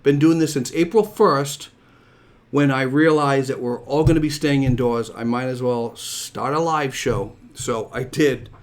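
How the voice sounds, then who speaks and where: A man's voice: mid-range voice, unhurried. A man hosting his own live show from home, chatting casually and upbeat, a little out of breath, repeating himself as he goes. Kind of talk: casual live-stream chat.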